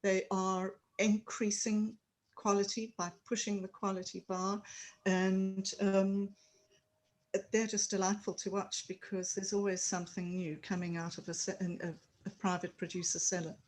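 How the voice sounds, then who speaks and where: A woman's voice: mid-range voice, level tone, normal speed, a little mellow, low-quality recording. A woman speaking as a wine expert on a panel, detailed and knowledgeable but hesitant, with frequent fillers. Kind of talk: casual panel discussion.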